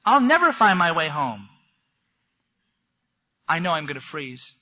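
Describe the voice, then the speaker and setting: A man's voice: fairly high pitch, very animated, unhurried, bright, forceful tone, pitched above the performer's own voice, heavily acted. A man voicing a frightened, lost baby field mouse who sobs as he speaks. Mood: scared. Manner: tearful, sobbing. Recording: dull lo-fi recording.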